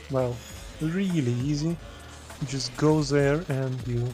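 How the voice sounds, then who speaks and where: A man's voice: fairly high pitch, darkish tone. A man with a German accent giving casual, chatty commentary on a video game race, explaining strategy with self-deprecating jokes. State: tired.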